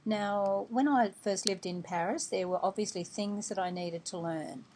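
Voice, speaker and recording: A woman's voice: medium pitch, steady tone, normal speed, darkish tone, a little hiss or hum. A woman hosting a travel website, explaining travel tips patiently and step by step in an instructional voice-over. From Australia.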